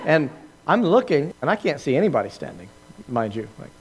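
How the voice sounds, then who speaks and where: Animated storytelling male preacher. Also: fairly high pitch, a little fast, slightly rough. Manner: animated storytelling with laughs and acted-out quotes. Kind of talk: sermon testimony.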